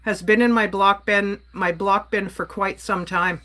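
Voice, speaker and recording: A woman's voice: mid-range voice, steady tone, a little slow, sharp tone. A woman from Canada ranting on a casual livestream, exasperated and blunt while she reads and answers her chat. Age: adult.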